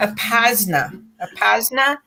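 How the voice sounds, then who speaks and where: A woman's voice: on the high side, lively intonation, slow, creaky, bright, forceful tone, a little hiss or hum. A woman with a Boston accent giving direct, encouraging tarot readings on a live stream in firm, short commands. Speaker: tarot and psychic reader.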